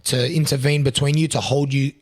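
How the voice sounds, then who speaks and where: Hoarse raspy guy in his twenties, chatting earnestly on a podcast, lots of um and you know, mid-pitched voice. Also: steady tone, a little fast, darkish tone. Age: 20s. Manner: earnest, searching for words with many fillers. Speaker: podcast co-host. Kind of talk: casual chat.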